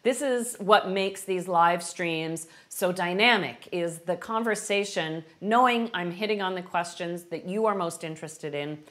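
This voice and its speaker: A middle-aged woman hosting a live-stream baking lesson, chatting warmly and answering viewers' questions as she works. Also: on the low side, a little slow, few pauses. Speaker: baking instructor.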